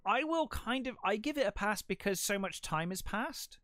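A man's voice: sits high, animated, moderate pace, sharp tone, no room sound, clean studio sound. A young man co-hosting a casual film review podcast. He retells the plot with enthusiasm and lots of "um"s. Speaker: podcast co-host.

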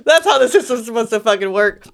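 A woman's voice: a little high, quick pace, creaky. A woman in casual podcast chat, telling her stories bluntly and animatedly, with plenty of swearing. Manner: blunt, profane, animated storytelling. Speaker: podcast co-host.

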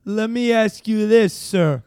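A man's voice: sits high, takes it slowly, darkish tone, clear, resonant tone, no room sound, studio quality, pitched above the performer's own voice. A man doing a folksy older American president. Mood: genial.

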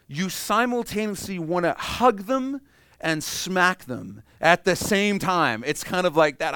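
A man preaching a sermon in a conversational way, moving between quiet, hushed stretches and loud, animated ones. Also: sits high, smooth, no room sound, clean studio sound. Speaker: pastor.

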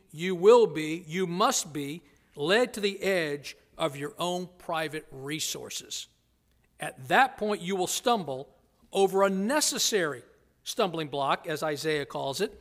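A man preaching a sermon to his congregation, swinging from loud emphasis to hushed near-whispers, with playful asides. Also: sits high. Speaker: pastor. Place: church sanctuary.

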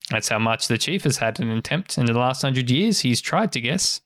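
A man narrating as game master of a tabletop game, joking and quick to laugh. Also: medium pitch, lively intonation, a bit bright, no echo, studio quality.

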